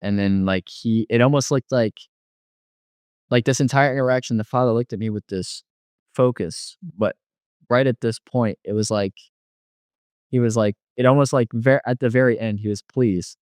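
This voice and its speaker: Male guest, mid-pitch, rambling testimony, dry room. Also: moderate pace, darkish tone, clear, resonant tone, no echo. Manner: rambling, full of "like" and restarts. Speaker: guest telling a near-death story. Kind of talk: casual personal testimony.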